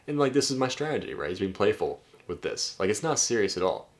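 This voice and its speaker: A man with a deep, low voice talks through text exchanges as a dating coach. His delivery is casual and chatty, with occasional swearing and a habit of ending points with "right?". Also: sing-song, fast talker, few pauses. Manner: loose and chatty, swears, keeps asking "right?". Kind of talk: casual commentary reading out texts.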